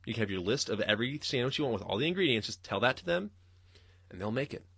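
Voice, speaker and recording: A man's voice: mid-range voice, big pitch swings, fast talker, creaky, fairly bright tone, breathy edge, no room sound, studio quality. A young man hosting a podcast, ranting and rambling solo with lots of swearing and laughter. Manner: rambling, profane, laughing ranter. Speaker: podcast host.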